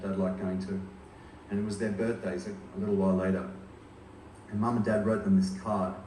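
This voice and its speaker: A man's voice: fairly low pitch, a little mellow, a little hiss or hum. A man in his forties giving a eulogy, telling humorous family anecdotes. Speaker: eulogist, eldest son. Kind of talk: funeral eulogy. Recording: echoey hall from far off.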